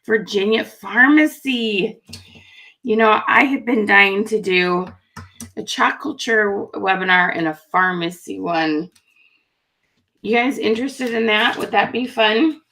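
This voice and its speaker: Bright-voiced woman hosting a livestream. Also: mid-range voice, unhurried. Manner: friendly, chatty, reacting warmly to viewer comments. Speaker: livestream host. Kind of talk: live stream greeting chat viewers.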